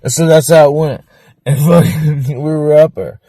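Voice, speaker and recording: A man interviewed about his former band, talking in a rambling, profane, excitable way and laughing often. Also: a little high, moderate pace, no echo. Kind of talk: casual documentary interview.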